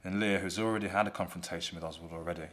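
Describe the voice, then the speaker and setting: Deep-voiced man casually retelling a play. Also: very fast. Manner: relaxed, conversational. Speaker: storyteller.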